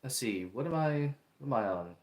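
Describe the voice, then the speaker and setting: Man, livestream host, casual earnest chat, repetitive, reads chat aloud, average pitch, echoey room. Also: animated, moderate pace. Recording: roomy echo.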